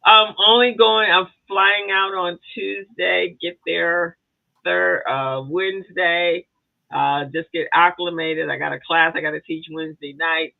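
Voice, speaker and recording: A woman's voice: fairly low pitch, fairly even intonation, a little slow, vocal fry, dry recording. A woman co-hosting a casual podcast chat, rambling and chatty, with many fillers and restarts. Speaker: co-host. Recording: tinny phone-like dry sound.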